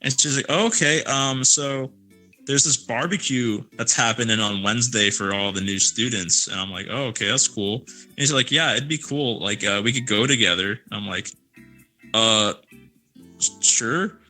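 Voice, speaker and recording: A young man tells a story on a casual podcast, rambling and swearing freely. His voice is bright and forward, with faint music playing behind him. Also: mid-range voice, moderate pace, poor audio. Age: young adult. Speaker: podcast co-host. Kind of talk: casual chat.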